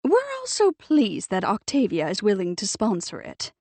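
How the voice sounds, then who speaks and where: A prim older busybody who sniffs at anything she disapproves of, as a woman reads her. She talks airily and stresses her words firmly, with lively swoops in pitch, a gravelly edge and a dry, close sound. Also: normal speed, no echo. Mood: pompous. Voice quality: haughty, emphatic and airy.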